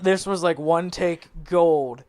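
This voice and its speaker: A man's voice: on the high side, takes it slowly, darkish tone, smooth. A man with a slightly raised voice tells a loose, meandering anecdote, stopping to laugh and restarting his sentences. He talks casually and swears freely. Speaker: band member.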